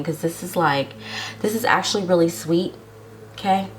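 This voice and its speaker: There's a little hiss or hum behind this woman's fairly low voice. A tarot reader doing a casual love reading for viewers, she talks chattily, lengthens her words, and often asks "okay?"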